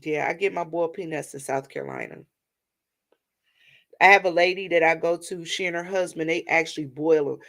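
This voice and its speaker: Brief: middle-aged woman vlogger, gravelly, rambling chatty delivery. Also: low voice, fairly even intonation, fairly quick, fairly bright tone. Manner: chatty, rambling, addresses viewers as y'all. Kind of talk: casual storytelling vent to viewers.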